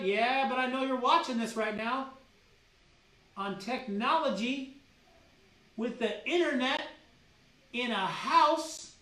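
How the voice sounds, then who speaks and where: A man, a doctor, giving an energetic seminar-style health training, preachy and animated, firing teasing rhetorical questions at his audience. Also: very high-pitched, moderate pace. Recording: roomy sound with the mic at a distance.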